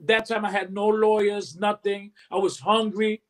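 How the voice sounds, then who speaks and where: A man in his fifties with a high voice, speaking at normal speed, recounts his story as a recording artist in an interview. He tells it animatedly, acting out other people's lines and humming beats.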